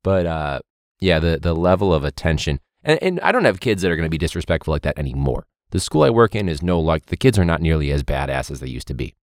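A young man who is a teacher, hosting a podcast in a casual, animated monologue with quick impressions of students. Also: dry recording, studio quality. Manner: animated, mimics students in high voices.

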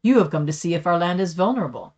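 A woman's voice: on the low side, expressive, fast, darkish tone. A woman reading the part of a stern, powerful man who speaks harshly and accuses strangers.

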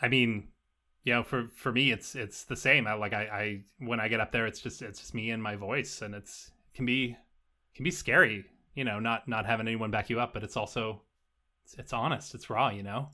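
A man's voice: fairly low pitch, steady tone, moderate pace, bright, forceful tone. Man playing an offhand rocker woman. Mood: laid-back. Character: cool laid-back female rock musician.

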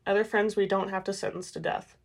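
A woman's voice: medium pitch, fairly even intonation, a little fast, gravelly. A woman reading as Carlisle, a grave vampire elder. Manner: quiet, grave.

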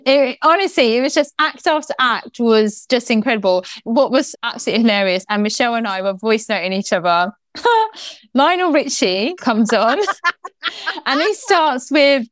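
Giggly high-voiced woman podcaster. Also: expressive, normal speed, no room sound, studio quality. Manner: chatty and giggly. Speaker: podcast co-host. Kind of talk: casual chat.

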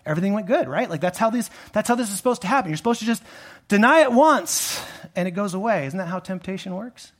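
A male pastor preaching a sermon in a conversational way, rising to emphatic peaks and dropping low again, with frequent restarts. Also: lively intonation, fast.

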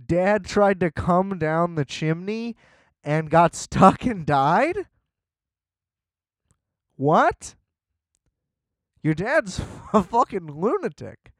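A man's voice: fairly high pitch, expressive, extremely slow, long pauses, pitched above the performer's own voice. A bitter young woman who hates Christmas snaps back in a raised, mocking voice, as a man puts her on. The retelling is exaggerated and sarcastic. The sound is close and dry, with no room echo. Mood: rambling.

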